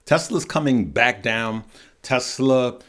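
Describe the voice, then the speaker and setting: A man's voice: medium pitch, takes it slowly, a bit bright. A man hosting a casual stock market show, upbeat and chatty, drawling "y'all" and "good people" at his viewers. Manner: upbeat, chatty, laughs at the news.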